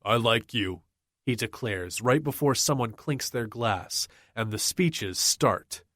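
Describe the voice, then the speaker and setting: A man narrating a first-person romance audiobook in a measured, even manner. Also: medium pitch, dry recording, clean studio sound.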